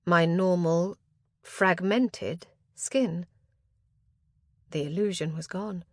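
Low-voiced woman narrating a fantasy audiobook. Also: slow pace, dry recording, clean studio sound. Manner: expressive, dramatic storytelling with tense rises.

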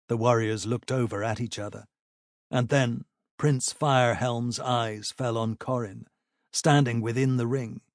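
A man narrating a fantasy battle audiobook in a measured, even storytelling manner. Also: mid-range voice, no room sound, clean studio sound.

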